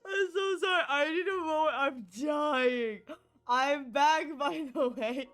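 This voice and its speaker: Woman streamer, giggly and squealing, high and unhurried, game music low underneath. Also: fairly bright tone. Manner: laughing uncontrollably, squealing. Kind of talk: casual live-stream gaming commentary.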